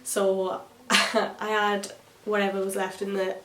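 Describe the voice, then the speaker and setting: A woman's voice: mid-range voice, completely flat delivery, takes it slowly, a bit bright, far from the mic. A young woman, a beauty vlogger telling a story while doing her makeup, chatty and swearing freely. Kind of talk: chatty get-ready-with-me vlog. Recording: echoey room, voice a bit off-mic.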